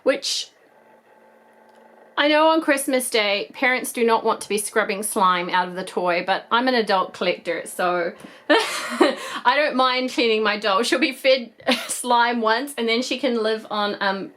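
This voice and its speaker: Gushing high-voiced New woman. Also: measured pace. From New Zealand. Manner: gushing and excitable, rambling asides. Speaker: toy collector and vlogger. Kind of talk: toy unboxing vlog.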